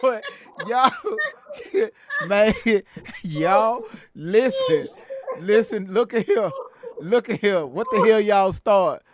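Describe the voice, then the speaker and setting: A man's voice: sits high, sing-song, slow pace. A man hosting a live stream, chatting loosely with a lot of laughter and cursing. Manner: laughing, profane, loose banter. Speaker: livestream host. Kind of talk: casual live-stream chat.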